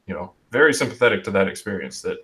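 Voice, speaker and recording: A man's voice: sits low, lively intonation, rapid-fire, a bit bright. A young man hosting a casual online group discussion over a video call, reflective and full of ums and restarts. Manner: reflective, talks in restarts with um and you know. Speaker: host of an online group chat.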